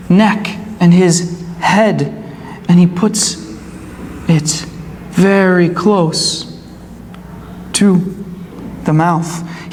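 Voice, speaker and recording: A woman teacher tells a story to young English learners very slowly, repeating and explaining each word. Her voice rings through a large hall with a long reverb tail, over a faint hum of background ambience. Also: fairly low pitch, darkish tone.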